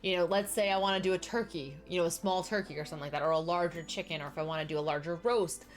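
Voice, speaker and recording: A young adult woman with a fairly low, steady voice talks very fast while streaming a life-sim game. She chats casually, speaking directly to her viewers and answering them by name.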